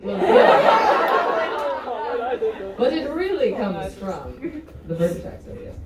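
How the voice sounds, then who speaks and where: Woman on a q&a panel, slow giggly talk, echoey hall with crowd. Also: mid-range voice, huge pitch swings, very noisy. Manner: giggly, self-mocking. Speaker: panelist at a film Q&A. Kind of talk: relaxed panel chat. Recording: roomy hall, distant mic, loud crowd.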